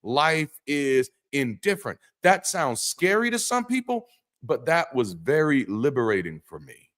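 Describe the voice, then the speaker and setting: At a measured pace and medium pitch, a male livestream host who once was a pastor talks to his chat during a call-in show. He speaks with animated emphasis and preacherly cadence, throwing in blunt slang and casual curses while frequently restarting sentences.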